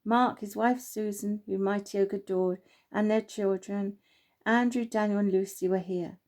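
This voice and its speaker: In a steady, mid-range voice, a woman reads aloud a children's story she wrote herself, taking her time and speaking gently, with a few small slips along the way.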